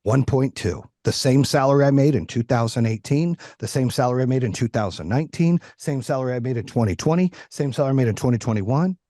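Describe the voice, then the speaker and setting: A man's voice: medium pitch, fast talker, few pauses, dry recording, studio quality. A middle-aged man talking candidly as a podcast guest, blunt and heavy on swearing. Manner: blunt, profane, animated. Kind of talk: candid interview talk.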